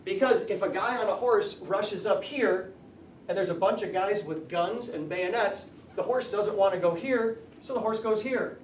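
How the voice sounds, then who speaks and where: Male teacher lecturing, high-pitched, picked up from across an echoey classroom. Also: normal speed, recorded from a distance, slight background noise. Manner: explanatory, asks the class questions. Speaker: high school history teacher.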